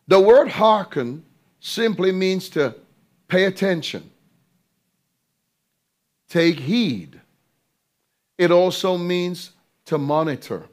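A preacher with a high, lively voice that leaps up and down as he leans into each phrase. He talks slowly and deliberately, repeating words for weight and asking the crowd questions he then answers himself. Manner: emphatic, drawn-out delivery with rhetorical questions to the audience. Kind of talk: sermon.

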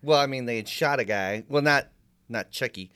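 A man co-hosting a casual movie chat, retelling scenes with lively voices. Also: mid-range voice, moderate pace, smooth. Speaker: podcast co-host.

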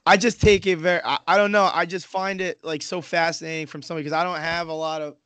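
A man's voice: fairly high pitch, flat delivery, quick pace, fairly bright tone, clear, resonant tone, no room sound. Profane, rambling man in hockey chat. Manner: rambling and profane, with many restarts and fillers. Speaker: Islanders fan in a hockey podcast discussion.

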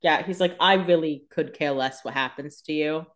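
A woman co-host in a casual podcast chat, adding wry, sarcastic asides. Her voice sits slightly low for a woman. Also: moderate pace.

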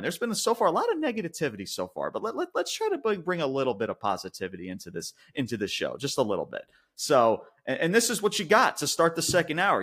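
Dude ranting about wrestling, cusses a lot, kinda high voice, loud then low. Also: male voice. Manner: profane, ranting, swings from loud outbursts to mutters. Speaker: podcast co-host. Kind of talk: casual wrestling review chat.

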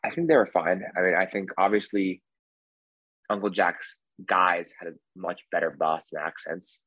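A man's voice: sits low, normal speed, fairly bright tone, slightly rough, no echo, low-quality recording. A man from the United States, a guest on a podcast, chatting in an easygoing, rambling way. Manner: easygoing, rambling, filler-heavy. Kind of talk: casual podcast chat.

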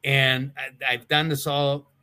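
A man's voice: medium pitch, flat delivery, slow, pushed and bright. An older man, a retired wrestler, telling rambling stories in a casual interview. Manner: rambling, with restarts and chuckles. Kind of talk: casual anecdotal storytelling.

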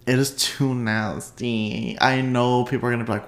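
A man hosting a solo podcast in a bubbly, unscripted chat, sleepy at the end of a long day, laughing often and swinging his pitch up for playful asides. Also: a little slow, gravelly. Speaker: podcast host.

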